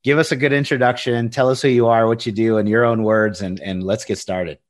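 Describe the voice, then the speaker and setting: A man's voice: medium pitch, fairly even intonation, brisk. A man hosting an interview, chatting casually with enthusiasm and calling his guest "man". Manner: enthusiastic, friendly, says "man" a lot. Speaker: podcast host.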